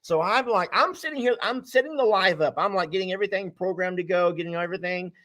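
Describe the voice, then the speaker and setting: A man's voice: high voice, fast, fairly bright tone. A man hosting a casual live stream, teasing and laughing often. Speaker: livestream host.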